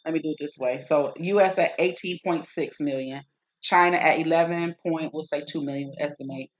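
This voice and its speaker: Low-voiced woman, lo-fi stream. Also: fairly even intonation, a little fast. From United States. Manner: methodical, reads figures aloud with frequent "um" and "okay?". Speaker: host. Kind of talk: live-stream explainer.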